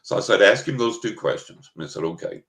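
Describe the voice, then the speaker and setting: Older man, low-pitched voice, psychic guest, casual storytelling, echoey room. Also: quick pace. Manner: animated anecdote-telling, acting out quoted dialogue. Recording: roomy echo.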